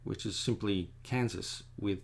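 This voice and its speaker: Middle-aged man, artist at work, low creaky voice, chatty digressive livestream commentary. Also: unhurried. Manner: chatty, digressive, self-deprecating. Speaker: artist drawing a commission. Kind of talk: casual rambling commentary while drawing.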